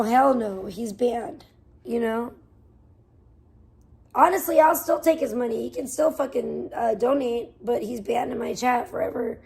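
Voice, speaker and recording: A woman livestreaming, ranting in a profane, defensive way that swings between muttering and loud outbursts. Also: high voice, gravelly, slightly rough. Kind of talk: casual livestream rant.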